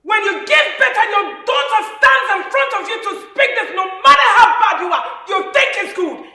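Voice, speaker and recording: A woman's voice: on the high side, lively intonation, measured pace, pushed and bright, reverberant, recorded from a distance. An actress with a Nigerian accent playing a haughty widowed mother who answers her family with dismissive mockery. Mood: stern. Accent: Nigerian English. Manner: dismissive, mocking. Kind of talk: Nollywood film acting.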